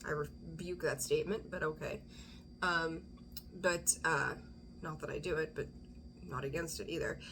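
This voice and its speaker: Casting note: a woman tarot reader with a lowish voice, digressive and chatty, slipping into whispers. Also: steady tone, normal speed, fairly bright tone, a little hiss or hum. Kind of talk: casual intuitive tarot reading.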